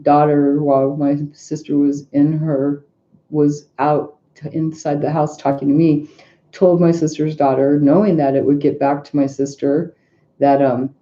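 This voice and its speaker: A middle-aged woman talks casually in a very dark, mellow voice, circling back with restarts and asides as she tells a story. The recording sounds dull and lo-fi. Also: deep voice, flat delivery, moderate pace. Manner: rambling, frequent restarts and asides. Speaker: tarot reader.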